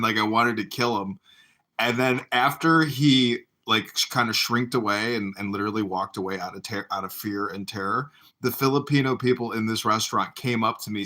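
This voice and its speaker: A man's voice: lowish voice, pushed and bright. A man in a casual chat who tells stories and lectures bluntly, often swearing.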